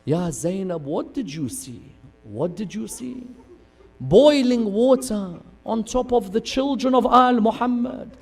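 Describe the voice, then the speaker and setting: A man preaching an impassioned religious sermon, swinging from loud cries to hushed asides and asking rhetorical questions. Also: high-pitched, expressive, measured pace, faint music behind.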